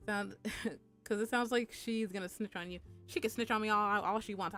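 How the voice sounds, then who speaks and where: A young woman streamer chats through a workplace story in a loose, profane way. She talks at an ordinary middle pitch, breaks into squeaky high voices for quoted lines, and her voice comes over a desk mic. Faint music plays underneath. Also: steady tone, normal speed, fairly bright tone. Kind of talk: casual storytime chat.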